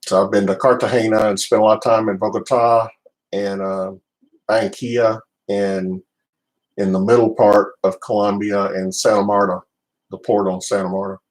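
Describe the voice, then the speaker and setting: A middle-aged American man with a Southern accent hosts a live stream from his home office, his lowish voice moving little in pitch at normal speed over a low-quality recording. He rambles in a laid-back way, often restarting his sentences.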